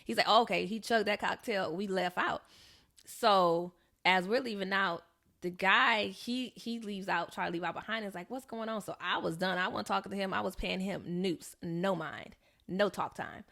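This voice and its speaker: A young woman co-hosting a podcast tells a story in a gravelly-edged voice of middle pitch for a woman. She talks casually at normal speed with a slightly bright tone, slipping into the voices of the people she quotes.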